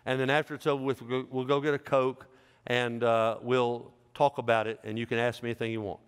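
A man's voice: mid-range voice, level tone, brisk, smooth. A middle-aged man preaching a sermon as pastor, in a folksy, joking, conversational way. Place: large church sanctuary. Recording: reverberant church hall.

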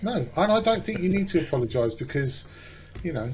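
A man's voice: high-pitched, very animated, brisk, darkish tone, a little hiss or hum. A British man hosting a podcast, chatting casually and teasing his co-hosts. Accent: British English. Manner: jokey, teasing. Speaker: podcast host. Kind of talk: casual chat.

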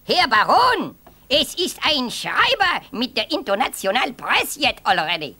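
A man's voice: extremely high pitch, huge pitch swings, unhurried, pushed and bright, exaggerated voice. A man voicing the baron's fawning German aide in a comic German accent. The aide mangles his word order and agrees eagerly with everything. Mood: obsequious.

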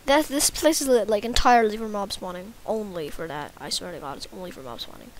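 A woman's voice: medium pitch, lively intonation, fast, slight background noise. A woman giving casual, rambling, self-mocking commentary while playing a video game. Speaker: gaming YouTuber.

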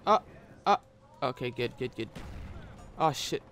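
A man's voice: medium pitch, animated, measured pace, fairly bright tone, a little hiss or hum. A man giving casual gameplay commentary as a gaming YouTuber, rambling with many filler sounds and swearing at the game, recorded on a headset mic.

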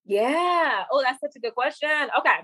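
With a high voice at a moderate pace, a young women's coach shares her own story on a podcast in lively, casual conversation, performing the quoted dialogue. A little hiss or hum sits under the recording.

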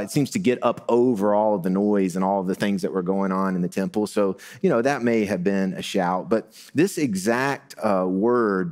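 A middle-aged male pastor giving a sermon, talking in a relaxed, conversational way that builds to emphatic moments. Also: fairly low pitch. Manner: conversational preaching with rising emphasis and light laughs.

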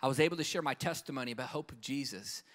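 A man's voice: medium pitch, very fast, a bit bright. A man preaching a live conference sermon as an evangelist, emphatic and storytelling, calling out for an amen. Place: conference hall with live audience.

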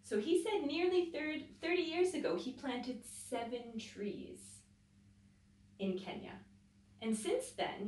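Slow, expressive storytelling woman, roomy sound. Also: fairly high pitch. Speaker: teacher. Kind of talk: reading a picture book aloud to children. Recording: roomy echo, voice from a distance.

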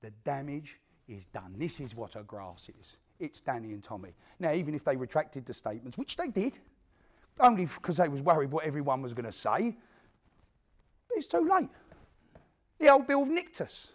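A man's voice: a little high, very animated, moderate pace. An actor with a London accent playing a hard, spiteful male gangster who recounts a brutal feud in a coarse, swearing theatrical monologue, re-enacting the scenes as he goes. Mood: grim boasting. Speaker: actor performing a stage monologue.

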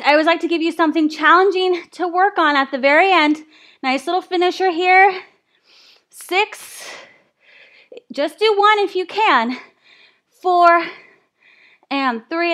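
High, unhurried woman fitness instructor. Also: sharp tone. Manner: counts reps aloud, upbeat encouragement. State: out of breath. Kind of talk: live workout class coaching.

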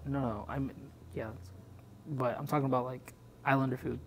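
A young man co-hosting a casual podcast, chatty and relaxed, often laughing. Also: mid-range voice, moderate pace, slight background noise. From Pacific islands heritage, Filipino. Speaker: podcast co-host. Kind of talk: casual chat.

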